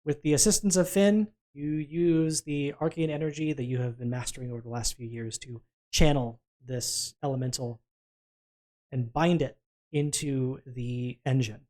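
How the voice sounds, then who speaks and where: Brisk man running a tabletop game. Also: mid-range voice, steady tone, darkish tone. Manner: brisk, calls for dice rolls and narrates results. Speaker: game master.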